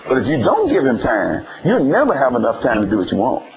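A man with a Southern US accent preaching a playful, animated sermon with call-and-response. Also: medium pitch, a little fast, muffled recording, background noise.

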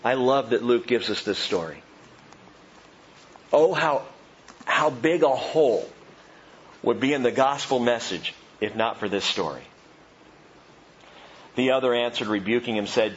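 A man preaching a sermon as pastor, swinging from loud, high emphasis to hushed, slow reflection. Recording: dull, muffled low-fi sound with faint background hum.

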